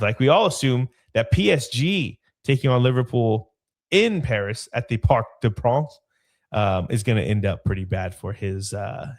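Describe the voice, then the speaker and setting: A man hosting a casual football podcast alone, talking in a loose, rambling way with his voice gone hoarse. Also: medium pitch. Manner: loose, rambling, with frequent fillers and restarts. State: hoarse, voice partly lost. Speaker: podcast host.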